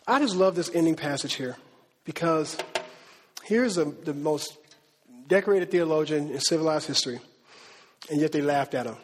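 A man preaching a sermon to his church in a casual, animated way, using slang and acting out quotes. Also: a little high, moderate pace, long pauses, husky. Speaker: pastor. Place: church hall. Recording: long reverb of a large hall.

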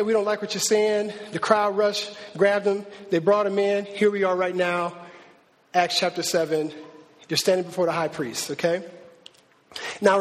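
High-voiced preacher in a reverberant hall. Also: male voice. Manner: animated, informal, many fillers and restarts. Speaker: pastor. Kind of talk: conversational sermon.

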